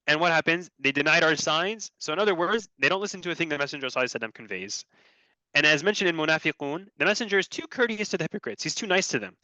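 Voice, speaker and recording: A man giving a religious lesson, reciting short Arabic verses and explaining them in English with lively shifts. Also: on the high side, dry recording. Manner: animated, quickly switching between recited Arabic and English explanation. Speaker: Islamic teacher presenting on Quran structure. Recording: dry, dull lo-fi recording.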